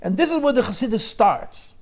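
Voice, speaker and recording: High-voiced man teaching a Torah class. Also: very animated, a little fast. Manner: mixes English with Yiddish and Hebrew terms, questioning.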